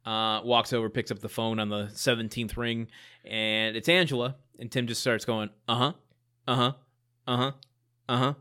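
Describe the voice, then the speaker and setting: A man's voice: fairly low pitch, steady tone, moderate pace, pushed and bright, clean tone. A man co-hosting a casual podcast, retelling sitcom scenes and laughing often as he quotes the characters. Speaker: podcast co-host. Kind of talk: casual chat recapping a sitcom episode.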